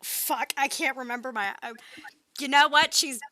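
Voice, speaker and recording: Bright, self-mocking woman player. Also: high-pitched, moderate pace, no echo. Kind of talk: casual game banter.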